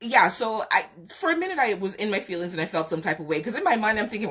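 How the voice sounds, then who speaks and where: A woman podcast host telling a candid personal story, frank and chatty, laughing often and pausing to talk to viewers. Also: medium pitch, very animated, fairly bright tone, husky. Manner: frank, laughing, drawn-out pauses. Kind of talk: candid storytelling on a live stream.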